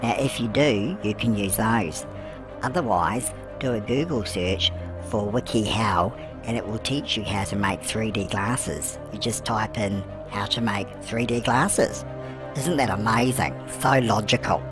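A man's voice: fairly low pitch, measured pace, natural voice. A man playing a chatty elderly grandmother who hosts a game commentary, calling the listener love and answering his own questions. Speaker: game host. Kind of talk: let's-play commentary. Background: music.

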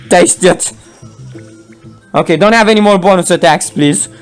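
A man giving playful, excitable game commentary, laughing often and throwing in mock roars while he voices both sides of a match. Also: high voice, normal speed, pauses often, faint music behind. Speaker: gameplay commentator.

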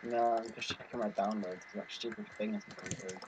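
A man's voice: on the low side, steady tone, a little mellow, slight background noise, low-quality recording. Teasing young man on game voice chat. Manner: joking, teasing, quick-talking. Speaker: gaming partner. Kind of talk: casual gameplay chat.

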